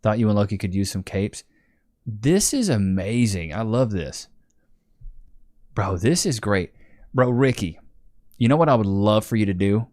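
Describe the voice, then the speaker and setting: A man's voice: lowish voice, lively intonation, unhurried, long pauses, darkish tone, dry recording, clean studio sound. A man hosting a livestream, chatting casually and rambling as he thanks viewers and reads their donations, laughing often. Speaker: livestream host.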